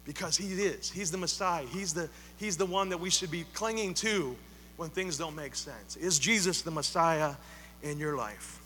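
Man preaching, high and bright, repeats lines for emphasis, church hall echo with faint hum. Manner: emphatic, repeats phrases, rises to loud appeals. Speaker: pastor. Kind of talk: sermon.

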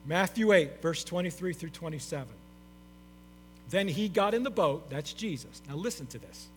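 A man's voice: fairly high pitch, lively intonation, normal speed. A middle-aged man preaching a sermon to his congregation, emphatic and repeating his key phrases. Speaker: pastor. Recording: long hall reverb with faint mains hum.

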